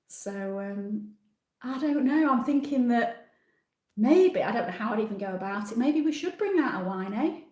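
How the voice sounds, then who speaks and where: A woman's voice: on the high side, animated, normal speed, warm tone, roomy sound. Chatty woman in her sixties. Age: 60s. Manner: chatty, self-deprecating, reads comments aloud and answers. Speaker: livestream host reading viewer comments. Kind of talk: casual live chat.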